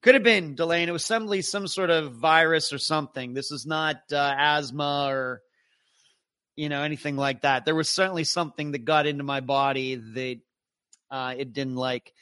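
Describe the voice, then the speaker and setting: A man's voice: a little high, normal speed, sharp tone, clean tone, no echo. A man hosting a live true crime show, chatting casually and greeting viewers one by one. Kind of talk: casual livestream chat.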